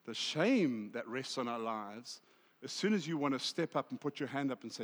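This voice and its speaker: A South African man preaching a sermon, swinging from loud emphasis to hushed asides. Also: medium pitch, animated, normal speed, long reverb tail. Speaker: pastor.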